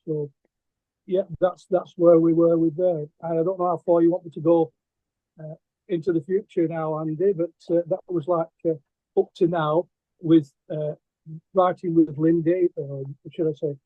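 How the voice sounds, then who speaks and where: Lancashire guest, middle-aged man, higher voice, halting with ums, thin phone-like sound. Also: no room sound. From England. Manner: hesitant, many ums and restarts. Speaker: guest artist. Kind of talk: casual storytelling interview. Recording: tinny phone-like line, dry.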